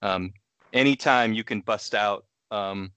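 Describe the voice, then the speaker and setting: A man co-hosts a loose podcast chat, wandering through his points and trailing off into laughter. His voice sits a little low but has a bright, edgy tone. The sound is close and dry. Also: a little slow, clean tone, no echo. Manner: rambling, trails off, laughs often. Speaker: podcast co-host. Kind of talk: casual chat.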